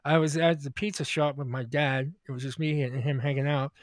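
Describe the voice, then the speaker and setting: A man's voice: mid-range voice, fairly even intonation, a little fast, dry recording. A man co-hosting a casual comedy podcast, telling rambling stories with lots of laughing and restarts. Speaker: podcast co-host.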